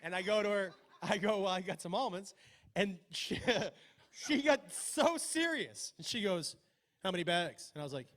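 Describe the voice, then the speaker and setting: Man, stand-up comedian, high voice, animated, profane storytelling. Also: moderate pace. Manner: animated, acts out both sides with profanity.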